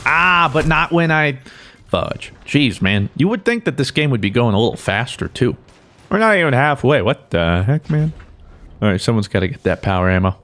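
Excitable young man commenting on gameplay. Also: medium pitch, normal speed. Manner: excitable, joking, talks to himself. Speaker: gaming YouTuber.

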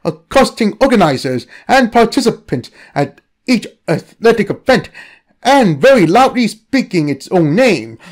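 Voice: medium pitch, darkish tone. A narrator reading a comedic anomaly file in a scripted style.

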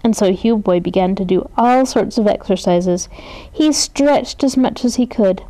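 A woman reads a children's picture book aloud with a warm, mellow tone. Her delivery is gentle and expressive, at an ordinary pitch for a woman. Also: a little slow, poor audio. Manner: gentle, expressive read-aloud with voiced characters. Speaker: storybook reader. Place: community media studio.

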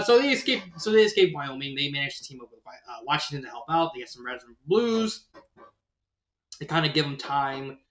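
Male reviewer, slightly high-pitched, loose and rambling delivery, echoey room. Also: a bit bright. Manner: rambling, many fillers and restarts; laughs at his own retelling. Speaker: story reviewer. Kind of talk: casual spoken review. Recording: roomy echo.

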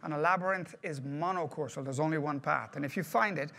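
Male trainer, brisk delivery, slightly high voice, chatty presenter who quizzes the room. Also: gravelly, sharp tone. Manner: conversational, questions the audience. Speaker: project management trainer. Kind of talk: workshop presentation to a group.

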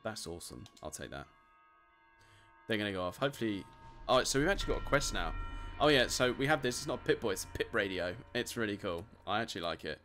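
A man with a British accent giving excitable, laughing commentary while playing a video game. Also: fairly low pitch, quick pace, faint music behind. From United Kingdom. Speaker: gamer, channel host. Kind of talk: casual let's-play commentary.

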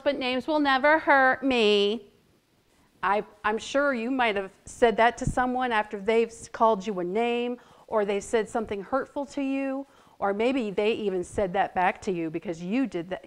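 A woman teaching a children's Bible lesson, telling the story in an expressive storytelling manner and acting out voices. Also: fairly high pitch. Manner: animated, expressive, acts out voices.

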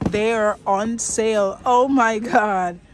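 Young woman, casual shopping vlog, chatty, slow delivery, frequent laughs. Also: a little high. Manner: chatty, excitable, laughs often. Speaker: vlogger. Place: shopping mall.

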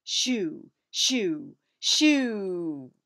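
Brave, high-voiced girl mouse in a storybook, put on by a woman narrator, bold and commanding. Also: fairly even intonation, normal speed, close to an everyday voice.

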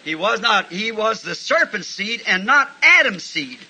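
A man preaching a sermon, telling folksy stories and breaking into shouts of praise. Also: high-pitched, unhurried, background noise. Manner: folksy, animated, bursts into shouting. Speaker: pastor. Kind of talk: sermon with storytelling.

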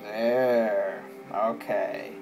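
A man giving casual let's play commentary with sarcastic, deadpan asides. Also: lowish voice, extremely slow, low-quality recording. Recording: game music playing behind.

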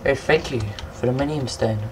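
Excitable rambling man gaming. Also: mid-range voice, normal speed, a little hiss or hum. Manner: excitable, rambling, swears at monsters. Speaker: gameplay commentator. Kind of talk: casual let's-play commentary.

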